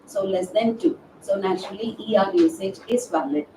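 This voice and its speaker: A woman's voice: mid-range voice, normal speed, recorded from a distance. A woman teaching a live webinar grammar lesson, asking the class questions and answering them herself, with many "uh" fillers. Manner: hesitant, frequent "uh" fillers and restarts. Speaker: verbal aptitude trainer. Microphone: distant from the microphone. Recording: echoey room, off-mic, faint background noise.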